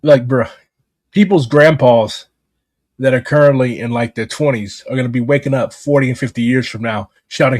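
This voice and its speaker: Brief: heated, profane American man, husky tone, casual podcast chat. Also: medium pitch, moderate pace, a little mellow, dry recording, clean studio sound, a faint crowd. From United States. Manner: blunt, profane, heated rants.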